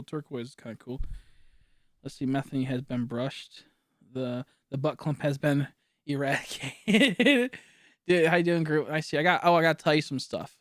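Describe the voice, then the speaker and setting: A man's voice: medium pitch, no room sound, studio quality. A man in his late twenties hosting a live stream, rambling casually and crudely to his chat, often laughing. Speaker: livestream host.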